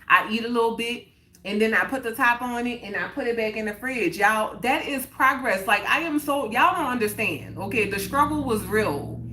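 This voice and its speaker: A woman's voice: on the high side, normal speed, bright, forceful tone. A woman hosting a live stream in casual chat, answering viewers and repeating her points for emphasis. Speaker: livestream host.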